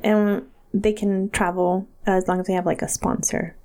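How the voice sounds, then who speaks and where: A young woman co-hosting a casual chat, telling stories in an animated way, laughing often and acting out quotes. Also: mid-range voice, moderate pace. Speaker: podcast co-host.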